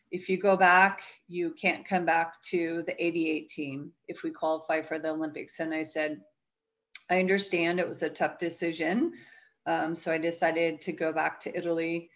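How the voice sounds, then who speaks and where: A woman's voice: fairly low pitch, dull audio. A woman in her fifties, a volleyball coach, chatting reflectively as an interview guest with frequent fillers, heard over a video call. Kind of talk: casual interview talk.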